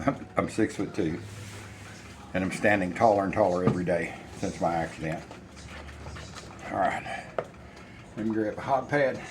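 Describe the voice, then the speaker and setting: Deep-voiced older man cooking. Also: moderate pace, long pauses, background noise. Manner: rambling, folksy storytelling while cooking. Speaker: cooking channel host. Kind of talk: casual cooking vlog chat. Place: home kitchen.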